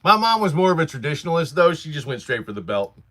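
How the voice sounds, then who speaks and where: Bright-voiced man chatting on a livestream. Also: on the high side, big pitch swings, fast talker. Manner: rambling storyteller, laughs often, reads chat aloud. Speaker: livestream host. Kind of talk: casual livestream chat. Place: workshop.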